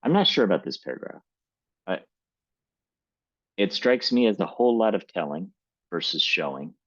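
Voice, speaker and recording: A male writing coach giving a live critique of a manuscript, reading passages aloud and thinking through his comments in a measured, tentative way. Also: low voice, expressive, fairly bright tone, no echo, highs cut off.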